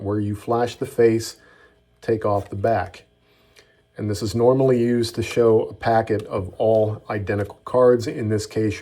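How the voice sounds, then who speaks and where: A man's voice: medium pitch, warm tone. A middle-aged man hosting a magic tutorial, telling a story and then explaining sleights in an easygoing, folksy way.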